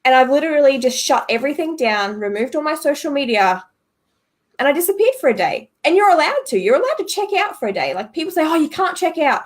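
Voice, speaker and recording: A young woman speaking as an interview guest, giving emphatic, animated motivational advice. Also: sits high, fast. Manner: emphatic, animated, acts out quoted thoughts. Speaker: guest, business owner. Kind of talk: motivational conversation.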